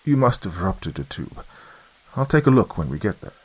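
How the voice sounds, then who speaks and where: A man's voice: low voice, very animated, normal speed, a little mellow, husky, exaggerated voice. A man voicing a stern male cosmonaut on the radio, cold and indignant, speaking in clipped, formal radio talk.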